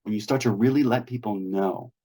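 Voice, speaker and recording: A man's voice: fairly low pitch, a little fast, mellow, breathy edge. A man hosting a weekly meetup on a video call, coaching earnestly and acting out sample dialogues. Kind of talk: instructional talk on a video call.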